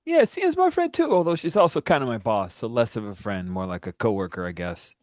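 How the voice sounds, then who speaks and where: A man's voice: mid-range voice, very animated, brisk, darkish tone, no room sound, clean studio sound, lightly acted. A man voicing a friendly, teasing young male runner in a tabletop game. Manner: upbeat, teasing.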